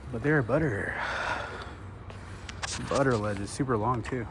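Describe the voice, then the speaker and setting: A young man chatting casually to the camera while riding his bike outdoors, in a relaxed, rambling way with laid-back slang. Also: medium pitch, takes it slowly. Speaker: vlogger and bike rider. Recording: wind-buffeted outdoor action-camera audio. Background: wind noise and outdoor ambience.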